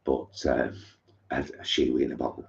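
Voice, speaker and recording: A man's voice: extremely low pitch, little pitch movement, moderate pace, vocal fry. A man co-hosting a live stream from his living room, chatting frankly and reading out viewer comments with plenty of fillers. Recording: dull lo-fi live stream audio.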